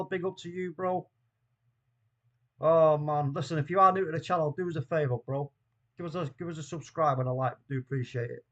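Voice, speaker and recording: A man with a high-pitched voice hosts a live football watchalong stream. He greets his chat by name in easy slang and lurches between shouted disbelief and flat, tired muttering. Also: muffled recording. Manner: swings from shouting disbelief to low, weary muttering. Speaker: host of a fan watchalong stream.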